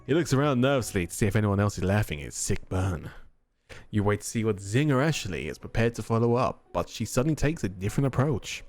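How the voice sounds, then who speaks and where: A man streaming a dating game, reading the narration aloud and tossing in animated, casually profane asides. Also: fairly low pitch, quick pace, faint music behind.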